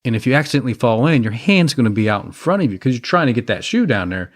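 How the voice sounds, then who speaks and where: A man cohosting a podcast, talking in a lively, expressive way. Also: mid-range voice, rapid-fire. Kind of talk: casual chat.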